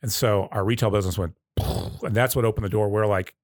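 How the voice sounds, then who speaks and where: Animated man in his fifties, dry close sound. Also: fairly low pitch, a little fast, no echo. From Arizona. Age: 50s. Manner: animated storyteller who acts out quoted voices. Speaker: guest, coffee company owner. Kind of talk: casual interview.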